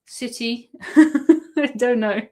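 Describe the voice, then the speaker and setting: A woman's voice: a little high, extremely slow, mellow. An English woman chatting casually on a live stream, answering viewer questions and laughing often. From England. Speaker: cruise live-stream host.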